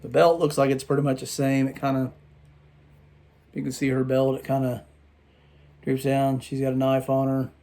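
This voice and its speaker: A man at a middle pitch talks through his toy collection in a loose, casual vlog. He is tired from the late hour and rambles, stumbling and restarting his sentences as he goes. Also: flat delivery, moderate pace, pauses often, dark tone.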